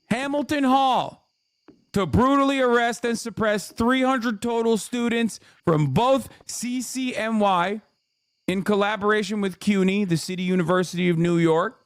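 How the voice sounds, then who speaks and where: A man livestreaming political commentary, ranting angrily and sarcastically with heavy profanity, snapping back at his chat. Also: sits high.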